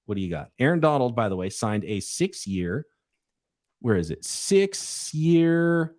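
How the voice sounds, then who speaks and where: A man's voice: mid-range voice, sing-song, unhurried, darkish tone. A man hosting a casual sports podcast, easygoing and rambling. He talks in a loose, chatty way, trailing off and restarting his thoughts as he goes. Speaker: podcast host.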